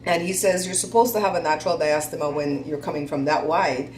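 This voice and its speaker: A woman's voice: sits low, fairly even intonation, a little fast, reverberant, a little hiss or hum, low-quality recording. A woman hosting a casual chat, telling stories in a chatty, laughing, folksy way. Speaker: host.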